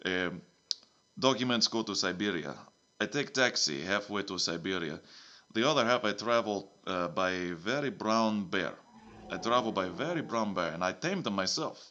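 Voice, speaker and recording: A man playing a clumsy secret agent who rambles through his mission in one broad fake accent after another. The voice sits low but bright and forceful. The audio is dull and lo-fi. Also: expressive, normal speed. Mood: hammy. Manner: rambling, hammy, swapping between broad put-on accents. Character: bumbling male secret agent switching accents.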